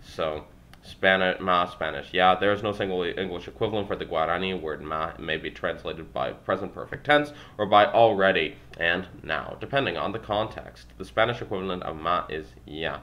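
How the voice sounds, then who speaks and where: A young man reading a language textbook aloud, working through phrases with halting restarts and wry asides. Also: low-pitched, bright, forceful tone. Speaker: language learner vlogger.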